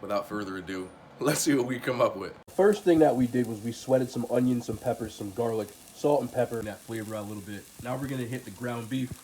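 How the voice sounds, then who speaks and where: A man's voice: mid-range voice, fast talker, few pauses, darkish tone, a little hiss or hum, poor audio. A man with a nasal voice who is feeling sick, chatting casually as he cooks in his home kitchen for his cooking channel. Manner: laid-back, chatty, talks while cooking. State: sick, under the weather.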